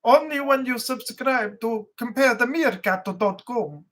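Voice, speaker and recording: Man's impression of a meerkat mascot, mock Russian accent, slow salesy delivery. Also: fairly bright tone. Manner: slow, over-enunciated sales pitch. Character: fussy meerkat ad mascot with Eastern European accent.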